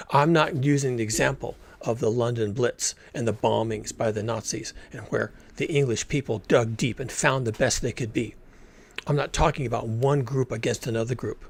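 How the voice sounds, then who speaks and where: A man's voice: mid-range voice, creaky, breathy edge. A man commentating on a recorded talk in a blunt, emphatic way, swearing freely. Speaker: reaction video commentator.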